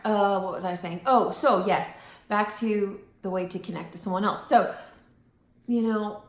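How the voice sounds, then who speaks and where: A woman talking casually to camera in a vlog, rambling a little and losing her thread now and then. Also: medium pitch. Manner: rambling, loses her thread, acts out quoted voices. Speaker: vlogger. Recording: roomy echo.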